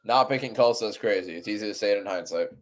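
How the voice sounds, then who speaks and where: A man's voice: lowish voice, fast talker. A young man streaming a fight watchalong, ranting in exasperation over a dull card. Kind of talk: live stream commentary.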